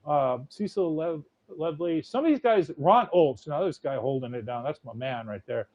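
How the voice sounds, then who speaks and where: A man's voice: fairly high pitch, animated, normal speed, a little mellow. A man hosting a podcast, ranting in a blunt, profane, rambling way. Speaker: podcast host. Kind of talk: casual rant.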